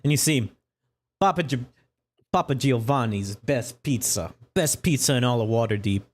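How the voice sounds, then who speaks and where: A man's voice: mid-range voice, expressive, moderate pace. A man narrating a tabletop game as dungeon master, chatty and laughing often.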